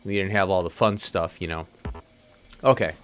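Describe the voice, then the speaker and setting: A man's voice: low-pitched, normal speed, faint music behind. A man giving casual, rambling commentary as he plays a game, thinking aloud and chuckling to himself. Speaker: let's play host.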